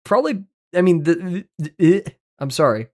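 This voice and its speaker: A man's voice: high voice, animated, moderate pace, darkish tone. A man streaming live, rambling through casual commentary, swearing freely, joking and laughing often.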